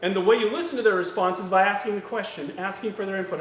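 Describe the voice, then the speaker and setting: A man preaching a sermon, lively and acting out quoted voices, with gentle humor. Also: high voice, quick pace, slight background noise. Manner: animated, acts out quoted voices with jokes. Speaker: pastor. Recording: echoey church hall with faint ambience.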